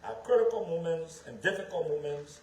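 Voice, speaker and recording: A man's voice: on the high side, brisk, a little mellow. A man from Liberia, giving an emphatic public speech as a political speaker and repeating his phrases for effect. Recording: echoey room with faint background ambience.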